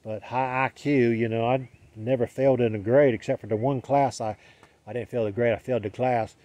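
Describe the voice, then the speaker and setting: This Southern US-accented spiritual vlogger has a warm, steady mid-range voice and talks a little fast, with no echo in the recording. His monologue is casual and rambling, restarting itself amid self-corrections and occasional light chuckles.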